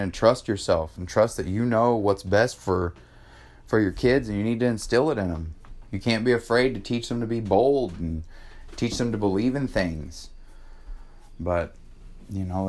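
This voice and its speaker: A man's voice: on the low side, darkish tone. A man in his thirties talking in a casual monologue about parenting, passionate, cursing freely and filling with "man". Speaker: podcast host.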